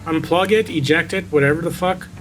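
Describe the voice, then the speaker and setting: A man's voice: on the high side, brisk, faint music behind. A man reading a creepypasta aloud and mocking it with sarcastic, casually profane commentary.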